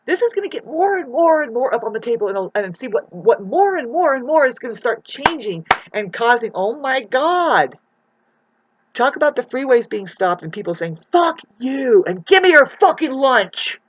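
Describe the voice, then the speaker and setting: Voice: mid-range voice, sing-song, moderate pace, muffled recording, slight background noise. A vlogger in a rural mountain home, delivering a rambling, profane, preachy rant to the camera.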